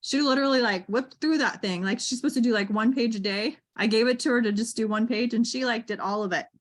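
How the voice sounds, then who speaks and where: A woman's voice: fairly high pitch, quick pace. Chatty woman host, lots of likes. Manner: chatty, many likes and rights. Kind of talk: casual chat.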